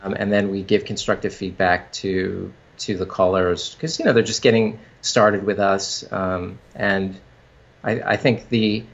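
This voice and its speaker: A man, a company founder, talking casually in an interview, halting with frequent restarts and fillers. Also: sits low, level tone, vocal fry, lo-fi sound.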